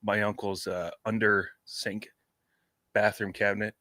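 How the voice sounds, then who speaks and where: Bright-voiced man with deadpan quips. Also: on the low side, unhurried, no room sound, studio quality. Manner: wry, deadpan one-liners. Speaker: podcast co-host. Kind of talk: casual podcast banter.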